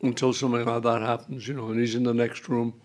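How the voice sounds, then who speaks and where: An older man, a guest on a chat show, telling homely family stories in a halting, rambling way. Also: mid-range voice, level tone. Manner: rambling, halting anecdotes with many fillers. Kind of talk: casual storytelling chat.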